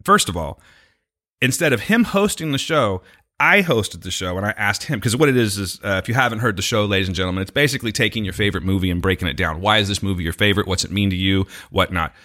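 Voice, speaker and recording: A man's voice: fairly low pitch, lively intonation, fast, bright, forceful tone. A man co-hosting a podcast, chatting casually in a rambling, jokey way full of tangents. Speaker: podcast co-host.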